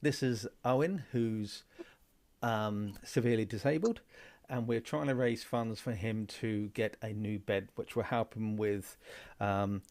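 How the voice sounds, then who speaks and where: A man's voice: fairly low pitch, steady tone, unhurried, darkish tone. A man making a casual, outspoken fundraising appeal on a live stream, with frequent hesitant fillers. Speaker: station organiser.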